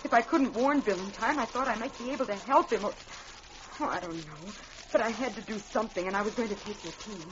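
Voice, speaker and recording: A woman's voice: medium pitch, fairly quick, natural voice. An actress playing an anxious but brave young woman in a radio drama, with an earnest, pleading delivery. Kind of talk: 1940s radio acting. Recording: dull old radio recording with hiss.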